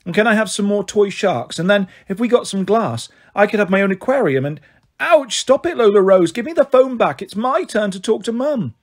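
Male narrator playing a whiny little boy, husky and high. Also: a little fast, hardly any pauses. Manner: whining and complaining.

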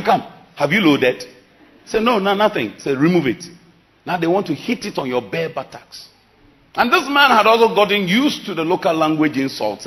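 A man's voice: medium pitch, fairly bright tone. A middle-aged man preaching a sermon, emphatic and dramatic, his volume rising and falling sharply. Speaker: pastor.

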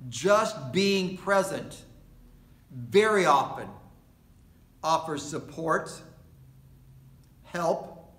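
Slow, deliberate preaching man in an echoey room. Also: fairly high pitch, expressive, a bit bright. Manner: slow, deliberate preaching with long pauses and emphatic repetition. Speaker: pastor. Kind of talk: sermon. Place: indoor worship space at a retirement community.

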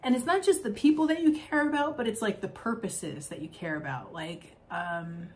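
A woman's voice: mid-range voice, moderate pace. Effusive woman giving an oracle card reading. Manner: effusive, rambling, with frequent laughs and fillers. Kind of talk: spiritual card reading monologue.

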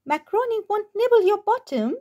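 A cheerful, teasing dog chirps his silly suggestions in a high, bouncy voice, as a woman reading a storybook puts him on. He sounds playful and a bit cheeky, with a wide, sing-song swing in pitch. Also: sing-song, a little fast, warm tone.

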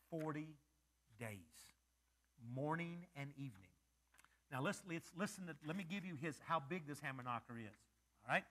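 A male pastor preaching a lively sermon, joking and quizzing his congregation. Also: a little high.

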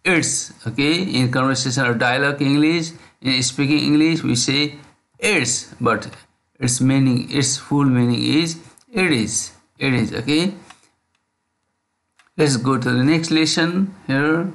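Slow, repetitive male teacher. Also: medium pitch, a bit bright. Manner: repetitive, drills phrases slowly, frequent "okay?". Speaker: English teacher. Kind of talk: slow spoken English lesson.

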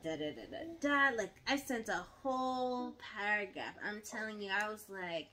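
A young adult woman telling a storytime to her viewers in casual chat, animated and dramatic, acting out her own quotes. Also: mid-range voice, moderate pace, hardly any pauses, slight background noise.

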